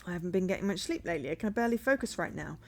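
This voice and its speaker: A woman's voice: on the low side, lively intonation, very fast, faint music behind. A woman voicing a tired young male band leader who sounds weary and defensive.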